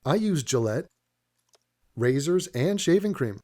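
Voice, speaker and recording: A man's voice: fairly high pitch, sing-song, a little slow, a little mellow. A man giving a profane, sarcastic comedic rant while reacting to an advert, sounding exasperated and swearing freely.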